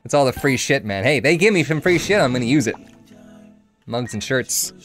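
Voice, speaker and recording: A mid-pitched man streams a video game and chats casually with a friend. He rambles loosely and drops swear words into his talk, with faint game music underneath. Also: animated, brisk, fairly bright tone. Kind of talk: casual gameplay chat.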